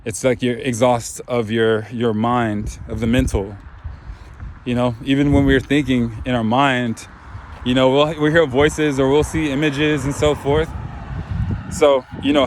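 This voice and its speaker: Man, mid-pitched, casual spiritual talker, crackly throat, faint street noise behind. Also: measured pace. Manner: relaxed, rambling, full of "you know". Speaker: spiritual video host.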